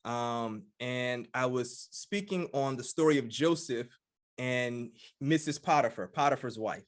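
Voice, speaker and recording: A man from the United States hosting a podcast interview, enthusiastic and quick to affirm his guest. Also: mid-range voice. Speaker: podcast host.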